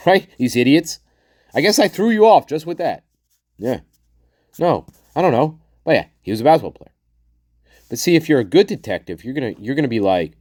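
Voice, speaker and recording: A man's voice: on the high side, darkish tone, dry recording, clean studio sound. A man hosting a casual commentary show, speaking bluntly with frequent swearing and chuckles, addressing his viewers directly. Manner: blunt and profane, chuckling often; talks to the viewer and acts out people he quotes. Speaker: host of a true-crime commentary channel.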